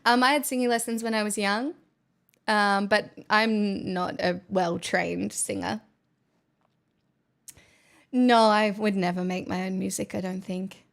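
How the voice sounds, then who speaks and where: A woman's voice: mid-range voice, steady tone, a little slow, vocal fry, long pauses. A woman streamer chatting casually with her viewers, playful, giggly and teasing. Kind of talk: casual chat.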